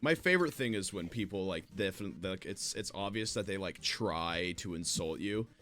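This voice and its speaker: A man's voice: sits low, lively intonation, fairly quick, a bit bright. A young man in casual chat, laid-back and filler-heavy, saying "like" constantly. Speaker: streamer.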